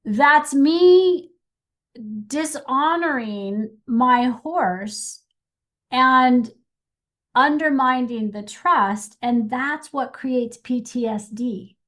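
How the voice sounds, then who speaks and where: Slow-talking woman, high-ish voice. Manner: animated, acts out quotes. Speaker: podcast co-host. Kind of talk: casual chat.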